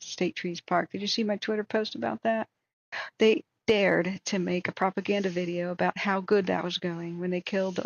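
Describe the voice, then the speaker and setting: A hoarse woman hosting a wildfire tracking livestream, ranting in angry, exasperated commentary. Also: on the low side, muffled recording.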